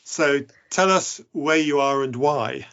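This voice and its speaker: A man's voice: a little high, slow, creaky, a bit bright, clean tone, lo-fi sound. A man hosting a podcast, interviewing a guest in a playful, enthusiastic way. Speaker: podcast host.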